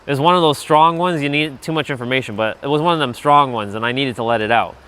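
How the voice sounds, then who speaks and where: A man's voice: medium pitch, quick pace, bright, forceful tone. A man livestreaming as he walks outdoors on a trail, telling stories in a loose, chatty, profane way and laughing often. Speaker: vlogger livestreaming a walk. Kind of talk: casual rambling storytelling.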